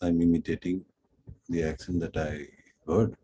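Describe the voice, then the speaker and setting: A middle-aged man from Pondicherry with an Indian accent, teaching French through an unhurried, self-deprecating storytelling lecture. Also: low-pitched, level tone, dark tone, a little hiss or hum, rough recording. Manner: unhurried, self-deprecating, acts out quoted dialogue.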